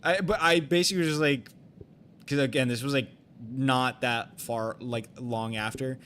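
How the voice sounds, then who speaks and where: A young man chatting on a live game stream in a voice of ordinary middle pitch. He rambles through a personal story, circling back and restarting sentences, with plenty of fillers and loose swearing. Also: moderate pace, fairly bright tone, slight background noise.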